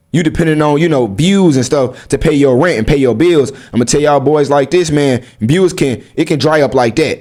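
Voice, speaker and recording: Mężczyzna o dość wysokim głosie, bezpośredni i slangowy. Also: male voice, on the high side, darkish tone. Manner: blunt, street slang, rhetorical questions to listeners. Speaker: vlogger. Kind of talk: casual advice monologue to camera.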